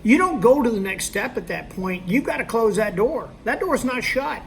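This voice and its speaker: A man's voice: very high-pitched, lively intonation, normal speed, vocal fry, slight background noise. A man teaching a sales technique in a conversational way, checking in with his listeners as he goes and acting out both sides of a sales conversation. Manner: conversational, checks in with "okay?" and "all right?". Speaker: sales trainer. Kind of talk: instructional talk.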